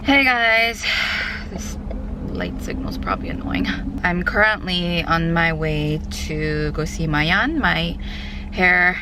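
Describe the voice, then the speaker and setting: A woman's voice: low voice, expressive, takes it slowly, over loud music. A pregnant young woman chatting casually in a vlog, filling her talk with "like," recorded while riding in a car. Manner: chatty, heavy use of "like" fillers. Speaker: vlogger.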